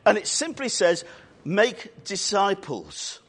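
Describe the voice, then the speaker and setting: A man preaching a sermon in church, earnest and emphatic, drawing out key words and adding quick asides. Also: sits high, very animated, fairly bright tone, breathy edge.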